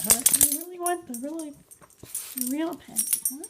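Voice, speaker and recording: A woman's voice: high-pitched, moderate pace, background noise. A woman talking to her pet dog at home, coaxing and praising it in baby-talk that often drops to a whisper. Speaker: dog owner.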